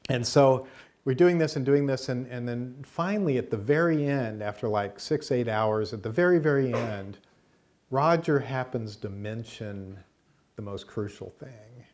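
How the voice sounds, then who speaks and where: A man's voice: mid-range voice, a little slow. American man telling a story to a class. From United States. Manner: lively storyteller, acts out the voices in his anecdotes. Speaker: course teacher.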